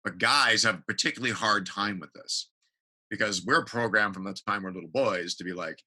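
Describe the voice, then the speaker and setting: Animated husky man telling stories. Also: lowish voice, a little fast, poor audio. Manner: animated storyteller acting out quotes, swears casually. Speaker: guest, TV builder. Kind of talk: casual interview chat.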